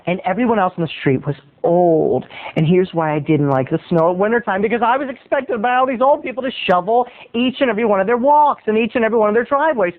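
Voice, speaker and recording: A man's voice: sits high, fast, few pauses. A man, a video blogger, telling a rambling comic story in a theatrical way. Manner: theatrical, rambling, jumps into voices. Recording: muffled lo-fi phone-like sound.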